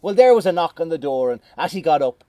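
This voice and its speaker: A middle-aged Irish man telling a folk tale in a lively, playful way with dramatic pauses, outdoors. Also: a little high, no echo. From Ireland. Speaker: storyteller. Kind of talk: oral folk storytelling. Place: outdoors on a moor.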